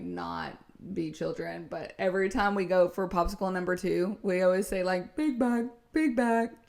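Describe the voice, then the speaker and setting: A young adult woman hosting her own health podcast, talking candidly and chattily with frequent laughs and self-deprecating asides. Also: mid-range voice. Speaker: health and weight loss coach, podcast host. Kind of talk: casual solo podcast monologue.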